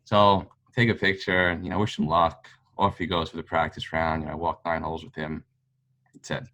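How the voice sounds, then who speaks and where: A man's voice: deep voice, little pitch movement, brisk, sharp tone. A man, a golf fan, telling a long story in casual chat, rambling with lots of fillers. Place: local pub.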